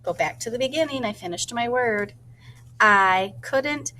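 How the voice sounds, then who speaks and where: A woman teacher thinking aloud in a gentle voice and slowly sounding out words as she models a writing lesson for young children. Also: on the high side, animated, slight background noise. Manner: slow, deliberate sounding-out of words.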